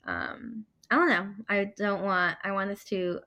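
A woman's voice: mid-range voice, measured pace, bright, forceful tone. A young woman in her twenties, a medical student guest, chatting casually with many fillers and acting out quoted remarks. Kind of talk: casual conversation.

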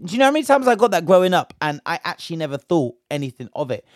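A man's voice: on the high side, big pitch swings, very fast, no echo, clean studio sound. A young British man from Bristol giving a heated, slang-filled commentary rant, indignant and emphatic. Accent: British English. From Bristol, England.

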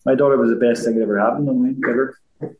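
A man's voice: mid-range voice, steady tone, racing, narrow, tinny audio, noisy background. Belfast man rambling in a roomy space. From Belfast, Northern Ireland. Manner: rambling, repeats himself, frequent restarts. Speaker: interview guest, former boxer. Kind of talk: casual interview chat.

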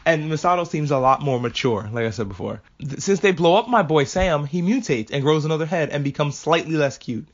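A man's voice: fairly high pitch, expressive, brisk, hardly any pauses. A man hosting a casual solo podcast review, rambling from point to point, swearing freely and breaking off with laughs. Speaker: podcast host reviewing anime. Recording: dull lo-fi audio.

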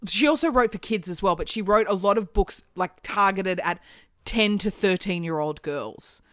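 A woman's voice: mid-range voice, moderate pace, dry recording. Aussie woman telling stories on a podcast, swears a bit, dry sound. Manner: chatty storyteller, swears casually. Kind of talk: casual chat.

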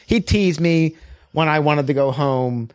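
A man in his thirties telling stories in a casual podcast chat, animated and swearing freely. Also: on the high side, measured pace. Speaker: podcast co-host.

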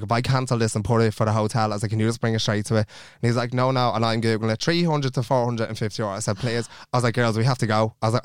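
A young Irish man with a Dublin accent, co-hosting a podcast and retelling a travel mishap in a rapid, animated way, quoting everyone and swearing freely. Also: mid-range voice, smooth, no room sound, clean studio sound. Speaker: podcast co-host. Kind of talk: casual storytelling chat.

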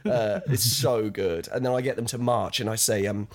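A man's voice: lowish voice, normal speed, hardly any pauses. Chatty man, laughing storyteller. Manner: chatty, laughs often while telling stories. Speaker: guest actor. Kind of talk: casual chat.

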